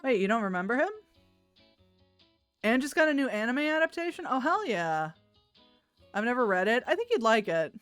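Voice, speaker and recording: A woman's voice: fairly high pitch, lively intonation, a little fast, pauses often, a bit bright, no room sound, faint music behind. A woman streaming a game, chatting casually and reading the characters' lines aloud in put-on voices. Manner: chatty, laughs often, puts on voices for characters.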